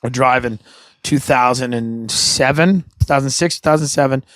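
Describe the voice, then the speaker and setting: A man's voice: medium pitch, normal speed, fairly bright tone, dry recording, studio quality. A man hosting a podcast, telling rambling, profane stories in casual chat and mimicking the people in them. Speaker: podcast host.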